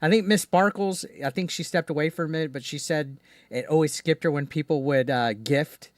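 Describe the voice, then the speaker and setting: A man with a slightly high, brisk voice hosts a live call-in stream, chatting casually in a rambling way full of profanity and frequent restarts. The recording is clean and studio-quality, with no echo.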